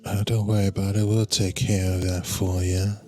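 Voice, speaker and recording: A man playing a tabletop game, calmly asking reassuring questions in character. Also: low voice, moderate pace, faint music behind. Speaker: player.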